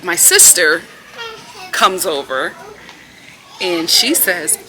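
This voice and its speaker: A woman vlogging outdoors on a city street, filming herself on her phone. She tells a story in a chatty, animated way and acts out what people said. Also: fairly low pitch, drawn-out words, slight background noise. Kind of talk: casual storytelling vlog. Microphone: phone camera held while filming herself.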